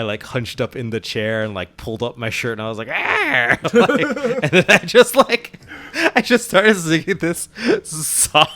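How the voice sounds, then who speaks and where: A man's voice: medium pitch, a bit bright, smooth. A man co-hosting a tabletop gaming podcast, talking casually with frequent laughs and fillers. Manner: chatty, laughs often, many fillers. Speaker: podcast co-host and game master.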